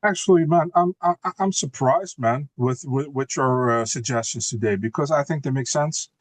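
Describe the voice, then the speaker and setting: A man's voice: mid-range voice, normal speed, dry recording, soft background music. A man speaking as a guest fight analyst in a casual podcast chat, blunt and given to swearing, with frequent restarts and repeated words.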